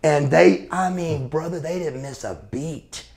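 A man's voice: fairly high pitch, unhurried, crowd noise. A man in his forties, a former pro wrestler being interviewed, telling profane, blunt stories in a casual way. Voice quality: gravelly. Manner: profane, blunt storyteller calling the listener brother.

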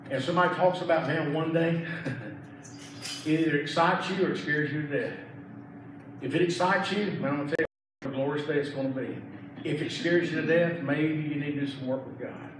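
A middle-aged pastor preaches with emphatic repetition. His voice sits a bit high for a man. The recording is distant and drowned in church echo over steady noise. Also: a little fast. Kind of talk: sermon. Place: church sanctuary. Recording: echoey church from far off, noisy.

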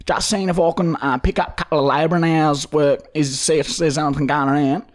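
A man's voice: a little high, steady tone, brisk, natural voice. A man with an Australian accent playing a struggling young man calling around for labouring work, hesitant and full of ums. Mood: sheepish. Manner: hesitant, lots of ums, prank caller.

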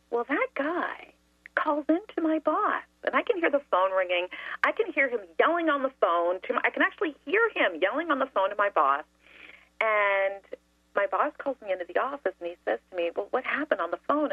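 A woman's voice: mid-range voice, breathy edge, no room sound. Woman guest telling a story on a call-in show, voice jumps all over, thin phone sound, no room at all. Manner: lively storyteller, laughs often. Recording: dry tinny phone line.

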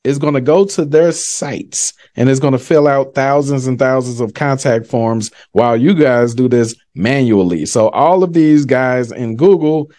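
A man hosts a live tutorial over screen share, selling his method with energetic slang and addressing viewers directly, frequently with "guys". His medium-pitched voice is warm, a little slow, with few pauses.

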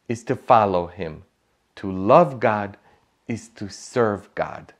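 Slow-speaking priest. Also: male voice, on the low side, animated. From Poland. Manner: emphatic, storytelling with humor. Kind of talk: sermon.

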